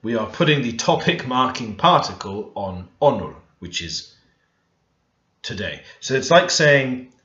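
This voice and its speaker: His mid-range voice has a sing-song quality, a measured pace and a slight brightness. He's a language learner teaching grammar over a screen recording, reasoning out loud and emphasizing words in his example sentences. Sound is dull and lo-fi, with room echo.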